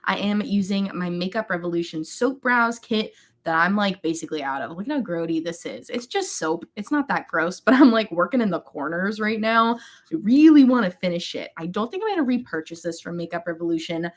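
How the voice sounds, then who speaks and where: A woman's voice: fairly low pitch, animated, a little fast. A young woman chatting casually with viewers while doing her makeup on a livestream, rambling and greeting people by name. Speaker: beauty livestream host.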